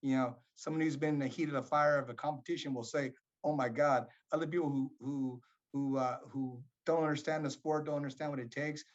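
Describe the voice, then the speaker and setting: A man's voice: a little high, steady tone, fast talker, highs cut off. A man speaking as a boxing coach in a casual interview, telling his story in a reflective, rambling way.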